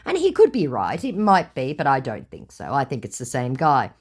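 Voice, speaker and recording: Sarcastic Australian woman, lively pitch. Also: normal speed, husky. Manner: sarcastic, mocking. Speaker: scam-baiter narrator. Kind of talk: reading out chat messages.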